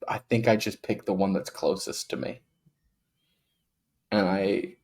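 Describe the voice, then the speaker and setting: A man's voice: fairly low pitch, a little mellow, husky. A man playing a tabletop game, hesitant and thinking aloud as he decides what to do. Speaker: player.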